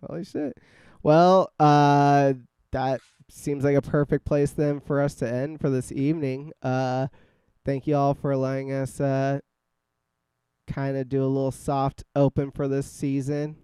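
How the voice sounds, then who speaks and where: Mellow laid-back male podcast host. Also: mid-range voice, little pitch movement, unhurried, smooth, no room sound. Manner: laid-back, joking, swears casually. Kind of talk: casual podcast chat. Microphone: scarf-wrapped microphone.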